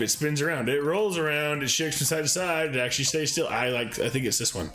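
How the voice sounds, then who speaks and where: A man's voice: mid-range voice, animated, moderate pace, fairly bright tone, soft background music. A man hosting a live game playthrough who reads the on-screen text aloud and breaks in with joking asides to himself. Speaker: streamer, show host.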